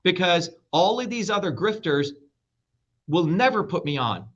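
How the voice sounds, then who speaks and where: Man, middle-aged, combative interview guest, swears freely, bright forceful voice, muffled lo-fi audio. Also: high-pitched, very animated, moderate pace. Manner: blunt, profane, combative. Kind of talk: heated interview talk. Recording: dull lo-fi sound.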